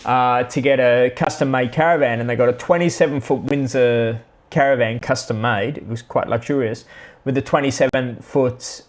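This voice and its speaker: A man's voice: mid-range voice, fairly even intonation, normal speed. A middle-aged Australian man with an Australian accent, chatting casually and rambling through anecdotes with frequent restarts. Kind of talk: casual storytelling monologue.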